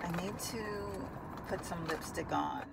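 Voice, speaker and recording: A woman's voice: lowish voice, measured pace, gravelly, noisy background. A woman chatting casually to her viewers while vlogging from her car, calling them y'all. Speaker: lifestyle vlogger. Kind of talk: casual vlog chat. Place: inside a car.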